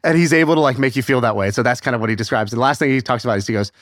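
A man hosting a podcast, telling stories in a lively, swearing, casual way with lots of fillers. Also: medium pitch, racing, dry recording, clean studio sound. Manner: animated, profane storyteller with many fillers. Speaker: podcast host. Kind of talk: casual storytelling chat.

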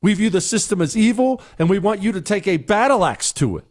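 A man's voice: high-pitched, animated, fairly quick. A middle-aged man hosting a talk show, giving blunt, exasperated opinions and answering listener emails.

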